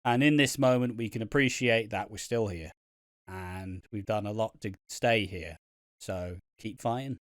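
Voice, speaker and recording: A man's voice: on the low side, a little slow, no room sound, studio quality. A man co-hosting a casual podcast, swearing freely and ranting with lots of laughs. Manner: swears a lot, animated rants, laughs often. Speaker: podcast co-host.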